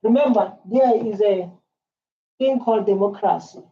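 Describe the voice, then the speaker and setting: This South African woman hosts a reaction video, speaking at medium pitch and a moderate pace. Her political commentary is emphatic and repetitive, packed with fillers, and the lo-fi recording sounds dull with faint noise.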